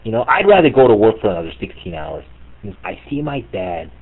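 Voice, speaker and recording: A man with a husky, slightly low voice rants to his chat room, mocking and exasperated. He swears freely and piles on absurd scenarios in disbelief. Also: big pitch swings, fairly quick, a little mellow, rough recording. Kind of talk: comedic rant on live chat.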